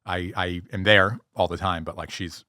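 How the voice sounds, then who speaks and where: A man being interviewed as a posture expert, telling stories in an animated way with many restarts. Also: low-pitched, moderate pace, no room sound, clean studio sound. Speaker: guest, posture and pain-relief expert. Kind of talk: podcast interview.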